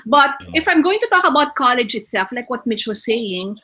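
Bright-voiced Filipino woman educator. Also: fairly high pitch, big pitch swings, moderate pace, poor audio. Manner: thoughtful, agreeable, mixes English and Tagalog. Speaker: panelist, educator. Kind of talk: panel webinar discussion.

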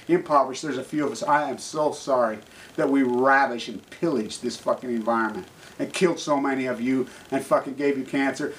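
A middle-aged man ranting angrily to camera, swearing constantly and swinging from low mutters to shouts. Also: slight background noise, poor audio. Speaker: activist vlogger. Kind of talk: angry profane rant to camera.

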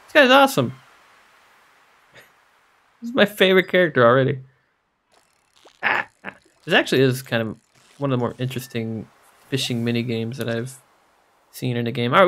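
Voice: mid-range voice, a bit bright. A game streamer making casual, jokey, rambling commentary while playing. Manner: jokey, rambling, laughs often.

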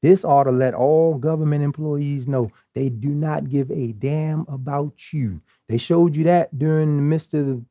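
A man's voice: fairly high pitch, mellow, dry recording. A male preacher delivering an emphatic, conversational sermon full of rhetorical questions.

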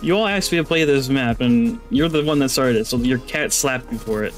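A man giving rambling, excitable live commentary on a game he is streaming into a headset, his voice jumping high when surprised. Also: fairly quick, faint music behind.

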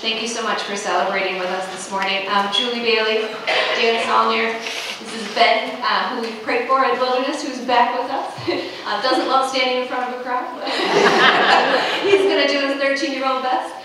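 A woman's voice: fairly high pitch, steady tone, normal speed, few pauses, background noise. A woman introducing her family and sharing a personal story before her church congregation. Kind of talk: personal testimony. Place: church sanctuary. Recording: echoey church from far off.

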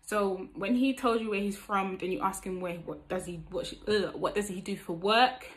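A woman's voice: medium pitch, normal speed, rough recording. A young woman with an East London accent gives dating advice in a casual vlog, acting out both sides of conversations and using plenty of street slang. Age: young adult. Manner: animated, acts out both sides of chat-up lines; street slang, tag questions like "you get me?". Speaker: vlogger giving dating advice.

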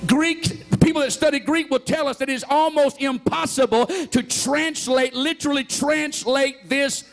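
High gravelly preacher, man. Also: fairly even intonation, normal speed. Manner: impassioned call-and-response preaching, rising to shouts. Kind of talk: sermon.

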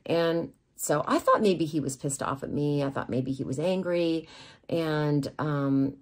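Woman vlogger spilling a personal story, low husky voice, jokey about herself. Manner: candid, confessional, self-deprecating humor.

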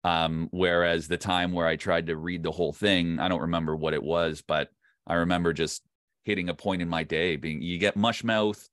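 A man's voice: sits low, flat delivery, moderate pace, a bit bright, clear, resonant tone, no room sound, studio quality. A Canadian man, a voice actor, chatting casually in an interview, laughing often and trailing off mid-sentence. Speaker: voice actor guest.

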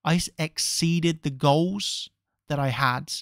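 A man with a somewhat high, gravelly voice talks viewers through chart analysis. His delivery is emphatic and confident, and he drives points home by repeating words. The sound is close and dry. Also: slow, a bit bright, no room sound. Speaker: crypto trading analyst host.

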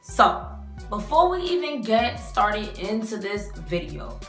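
A woman's voice: mid-range voice, big pitch swings, slow. A young woman from New York with a New York accent, chatting to viewers in a slangy, hyped reaction vlog. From New York, United States. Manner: hype, slangy, talks straight to viewers. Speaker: reaction vlogger. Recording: roomy with music playing behind.

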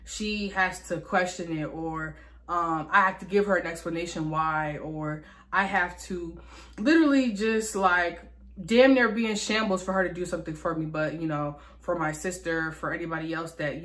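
A woman's voice: on the low side, fairly bright tone. A young adult woman telling a candid storytime in a vlog, venting with lots of fillers and swearing. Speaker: vlogger.

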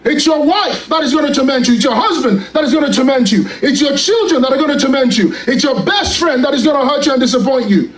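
A man preaching a sermon as an evangelist, impassioned and rising to shouts. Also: very high-pitched, animated, fast talker, hardly any pauses, echoey room, far from the mic, poor audio.

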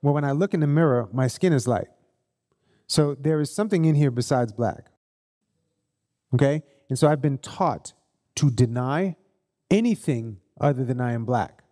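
A man's voice: mid-range voice, normal speed, pauses often. A man hosting a live group session, telling blunt stories with swearing at an event. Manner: animated, blunt storytelling with swearing. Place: event hall. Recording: long hall reverb at a live event.

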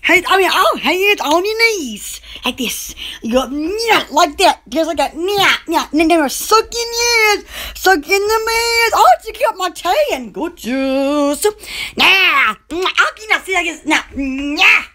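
A woman's voice: very high voice, lively intonation, unhurried, bright, forceful tone. A woman hosting a casual livestream, chatting in a giggly, rambling way. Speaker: channel host.

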